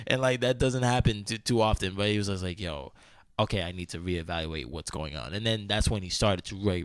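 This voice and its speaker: Bright-voiced, animated male podcast host. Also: on the low side, clear, resonant tone, no room sound. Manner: animated storyteller, heavy filler "like", swears freely. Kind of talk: casual chat.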